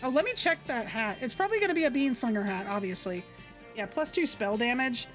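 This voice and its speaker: During a casual gameplay livestream, a young woman chats with viewers and reads game text in an upbeat manner. Her pitch is fairly high, her intonation lively and her pace a little fast, with faint background music.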